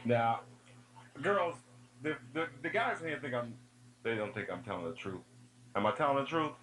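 A man giving an energetic youth sermon, telling funny stories and speaking straight to the audience. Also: mid-range voice, normal speed, a little hiss or hum, low-quality recording. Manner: animated storytelling with humor; addresses the audience directly.

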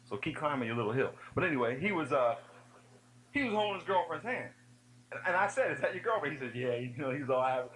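Lively, bright-voiced man preaching. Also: mid-range voice, fast, slight background noise, low-quality recording. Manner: animated storytelling with humor; addresses the audience directly. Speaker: youth speaker. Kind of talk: energetic youth sermon.

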